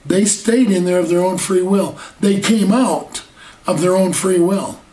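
An earnest sermon comes from a man with a high-pitched, darkish voice. He lingers on key words and asks rhetorical questions, and the distant mic picks up an echoey room.

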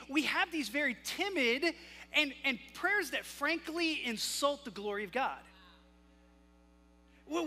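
A male pastor preaching a sermon, with a dynamic delivery that swings between loud emphasis and hushed asides. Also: very high voice. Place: church sanctuary. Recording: long hall reverb with faint music.

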